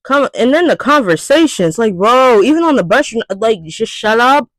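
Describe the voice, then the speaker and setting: A young woman vlogger in an exasperated, swearing rant, breaking into loud outbursts. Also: a little high, lively intonation, moderate pace, dry recording, low-quality recording. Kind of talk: ranting vlog monologue.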